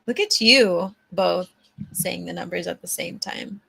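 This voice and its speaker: A woman's voice: lowish voice, a little slow, gravelly, sharp tone, husky, no echo. A woman hosting a casual live-stream chat who is playful, laughs often and swears casually, speaking into a mic on a stand. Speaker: host.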